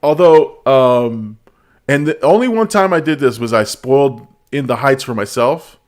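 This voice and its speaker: A man's voice: mid-range voice, expressive, unhurried. A man hosting a live stream, chatting casually, laughing often and repeating words as he reads chat aloud.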